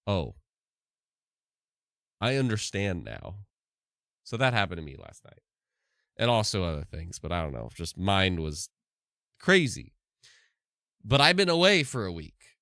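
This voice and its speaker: A man's voice: low voice, sing-song, a little slow, long pauses, a bit bright, dry recording, studio quality. A sleep-deprived man streaming live, chatting casually and rambling with many restarts. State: tired from no sleep.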